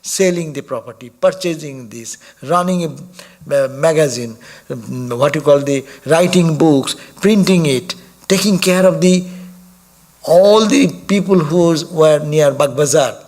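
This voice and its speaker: A man giving a sermon as a monk, speaking haltingly, with soft laughs while he tells stories. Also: a little high. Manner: halting, repeats and restarts words while explaining.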